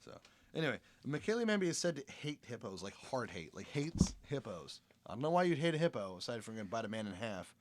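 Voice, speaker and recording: A man's voice: medium pitch, big pitch swings, fast talker, background noise. A man hosting a podcast, reading research notes aloud and chatting, with frequent stumbles and self-corrections. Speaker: podcast host.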